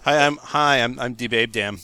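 A man co-hosting a comedy podcast, reading out an answer haltingly, with little stumbles. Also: medium pitch, bright, forceful tone. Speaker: podcast co-host. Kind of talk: comic reading of a written answer.

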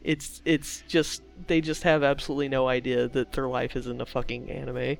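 A man's voice: medium pitch, flat delivery, moderate pace, gravelly, soft background music. A man co-hosting a comedy podcast, talking in an exasperated, mocking way. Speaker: podcast co-host.

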